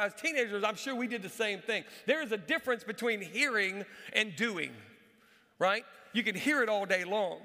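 A pastor with a high, bright voice preaches animatedly, repeating key phrases to drive his points home. He's recorded live in a church sanctuary, with long reverb trailing his words.

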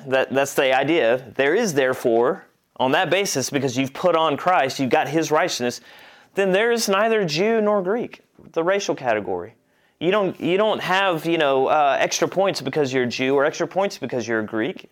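Conversational man teaching a church class. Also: fairly high pitch. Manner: conversational, restarts, checks understanding.

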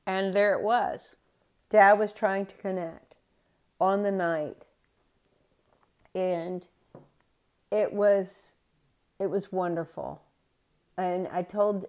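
A woman's voice: lowish voice, darkish tone. A middle-aged woman telling a personal story in a chatty podcast style, correcting herself as she goes. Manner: conversational, with self-corrections. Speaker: podcast host.

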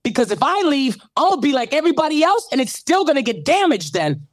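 A man's voice: extremely high pitch, sing-song, a little fast, no echo. A man hosting a radio show, telling his story in an interview with a preacherly lilt that builds to fervent calls. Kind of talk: animated testimony in an interview.

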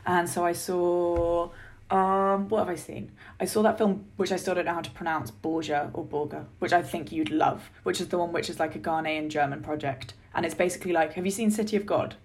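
A young woman co-hosting a podcast in a relaxed, chatty way, laughing easily and saying "like" a lot. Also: fairly low pitch, brisk, slight background noise. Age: young adult. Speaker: podcast co-host. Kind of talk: casual chat. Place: remote recording from home.

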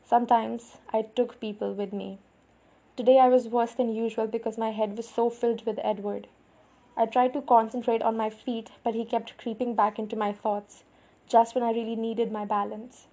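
Mellow, husky woman narrating a novel. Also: fairly high pitch, flat delivery, moderate pace. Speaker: audiobook narrator. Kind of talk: first-person novel reading.

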